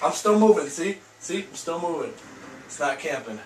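An excitable young man talks over his gameplay, with a high, lively voice that jumps into loud trash-talk. He sits back from the mic in an echoey room at home, and noise is clear behind him. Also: normal speed, far from the mic. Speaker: gaming YouTuber. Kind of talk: gameplay reaction commentary.

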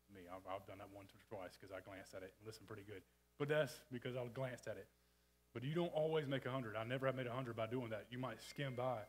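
A man's voice: mid-range voice, low-quality recording. A man preaching a casual, folksy sermon in a church, with frequent restarts and asides. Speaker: church speaker. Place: church sanctuary.

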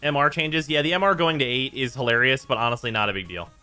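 Male streamer, bright voice, exasperated swearing rants, faint music behind. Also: mid-range voice, fast, smooth. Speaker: streamer host. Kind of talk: casual gaming stream chat.

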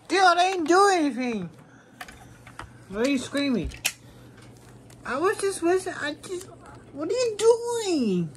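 A woman's voice: extremely high pitch, sing-song, unhurried, long pauses, background noise, pitched above the performer's own voice, exaggerated voice. A woman voicing a panicky young driver who stammers and pleads with a police officer. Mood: protesting.

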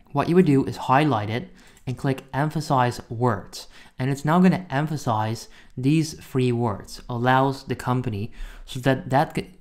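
A man talks through a software tutorial in a relaxed, conversational way, with a voice of middle pitch. He often stops to correct himself mid-sentence. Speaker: software reviewer. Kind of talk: casual screen-recorded tutorial.

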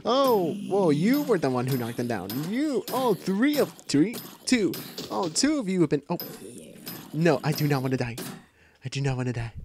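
Excitable gaming man, lively voice. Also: fairly high pitch, normal speed. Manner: excitable, repeats short calls. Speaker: gamer. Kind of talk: live gameplay commentary. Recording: noisy home recording.

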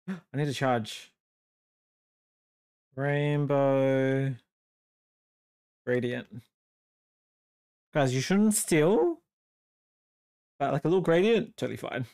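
Chatty Australian artist on a livestream. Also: medium pitch. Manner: chatty, bursts of excitement when reading chat, muttering while drawing. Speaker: artist streaming a drawing session. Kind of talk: casual livestream chat.

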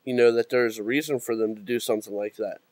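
A man's voice: medium pitch, fairly even intonation, quick pace, a little mellow, no room sound. A man co-hosting a casual podcast, making an argument point by point. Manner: argumentative, lists his points. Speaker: podcast co-host.

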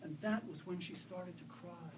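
A male author reading his own fiction aloud at a live event, in steady, measured narration. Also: sits high, far from the mic, noisy background. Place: event room.

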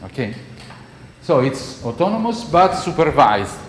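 A man's voice: fairly high pitch, very animated, a little slow. A male university professor with an Italian accent giving a classroom lecture, conversational and checking in with the class often. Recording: echoey lecture hall, faint noise.

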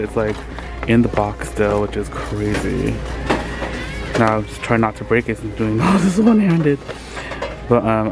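Gushing young man vlogging. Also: lowish voice. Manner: gushing, excitable, talks straight to viewers. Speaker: vlogger host. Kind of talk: casual vlog chat. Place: thrift store, then home kitchen.

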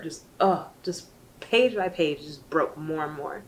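A woman's voice: sits low, a little slow, a little hiss or hum. A woman reviewing a book in casual chat, chatty and emotional, rambling with lots of fillers.

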